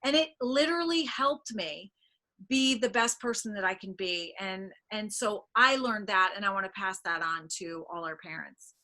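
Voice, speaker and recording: A woman's voice: medium pitch, expressive, normal speed, pushed and bright. A middle-aged woman hosting a podcast, giving earnest, encouraging advice to parents in casual conversation. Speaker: podcast host.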